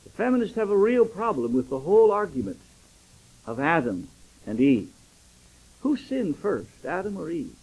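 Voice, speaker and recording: A man's voice: high-pitched, very animated, normal speed, a little mellow, breathy edge, low-quality recording. An older man, a pastor, preaching a sermon and acting out dialogue as he tells stories.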